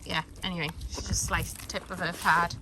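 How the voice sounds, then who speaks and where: Filming herself on a handheld phone during a dog walk, a woman with a lowish voice talks briskly and flatly, rambling with plenty of fillers and stopping to speak to her dogs. Background noise is clearly audible in the outdoor phone video.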